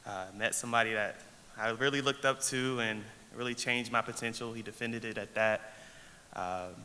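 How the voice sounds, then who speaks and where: A young man giving an emotional award acceptance speech, choked up and halting, on a stage mic in a large event hall. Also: medium pitch, steady tone, bright, forceful tone. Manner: halting, with many restarts and fillers. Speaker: award recipient. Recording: long hall reverb, faint noise.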